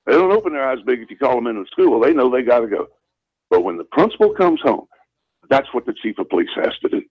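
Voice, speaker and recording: An older Southern man speaks in a husky, slightly rough voice, his pitch rising and falling in a lively way as he tells his story. He talks earnestly on a talk radio show and repeats phrases for emphasis. The sound is dry and muffled, like a lo-fi radio broadcast. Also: fast, no room sound. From Southern United States. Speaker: radio show guest, former school principal.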